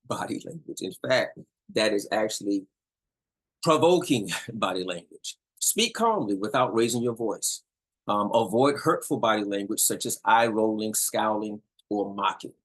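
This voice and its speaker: Man, husky voice, middle-aged, relationship coach, emphatic, repeats himself, checks in with listeners. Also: fairly low pitch, fairly bright tone, poor audio. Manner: emphatic, repeats points, asks "all right?". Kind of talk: casual instructional talk to viewers.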